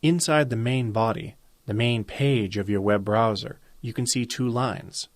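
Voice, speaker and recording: A man calmly and methodically teaches a web design lesson, stepping through a screen-recorded coding tutorial. His voice sits in the mid range and moves a little slowly, with no room sound.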